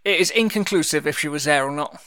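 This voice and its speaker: A man's voice: fairly high pitch, fast, pushed and bright, clear, resonant tone. A man co-hosting a casual podcast, playful and jokey, interjecting with questions. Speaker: podcast co-host. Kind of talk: casual chat.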